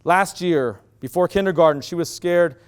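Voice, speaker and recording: A middle-aged man giving an animated storytelling lecture, acting out quoted dialogue. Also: fairly high pitch, normal speed, clear, resonant tone. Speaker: university lecturer.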